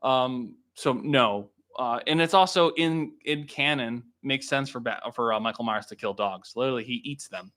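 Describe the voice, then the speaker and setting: A man's voice: mid-range voice, normal speed, few pauses, a bit bright. A young man hosting a casual livestream, chatting to viewers, laughing often and swearing freely. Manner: laughs often, swears, quotes lines in voices. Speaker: livestream host, filmmaker.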